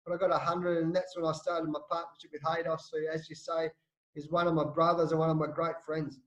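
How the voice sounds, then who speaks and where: A middle-aged Australian man, a former cricketer, telling animated stories with restarts in a casual interview. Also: a little high, fairly quick, reverberant, rough recording. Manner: animated anecdotes with frequent restarts and laughs.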